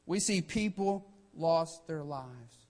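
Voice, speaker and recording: A man's voice: fairly high pitch, animated, slow pace, a little mellow. A man preaching a sermon with emphatic delivery, often starting lines with "hey" and acting out quotes.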